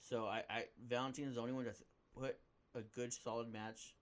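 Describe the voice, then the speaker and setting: A man's voice: mid-range voice, level tone, a little fast. A man co-hosting a casual podcast, talking in a laid-back, agreeable way about fights. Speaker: podcast co-host. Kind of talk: casual chat.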